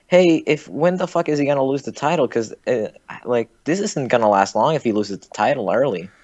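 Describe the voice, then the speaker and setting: A man's voice: mid-range voice, animated, fairly quick, a little mellow. Hesitant young male caller, lo-fi line. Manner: hesitant, lots of fillers, swears casually. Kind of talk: casual phone-in chat. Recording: dull, lo-fi call audio.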